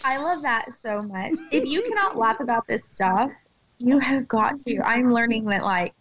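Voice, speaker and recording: A woman in her thirties from Texas, guesting on a podcast and talking in an excitable, animated way with lots of fillers. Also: on the high side, normal speed, poor audio. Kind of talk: casual podcast chat.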